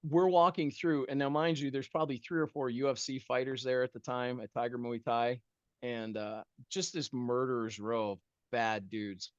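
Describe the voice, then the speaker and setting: A man telling a humorous story as a podcast guest, animated and self-mocking, with lots of casual dude and bro. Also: mid-range voice, moderate pace, clean tone, no room sound, lo-fi sound.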